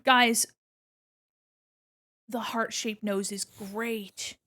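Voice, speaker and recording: Woman, high voice, casual livestream chatter, playful, hums and sings along. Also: slow pace, gravelly, a bit bright. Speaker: art streamer. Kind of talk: casual livestream chat to viewers.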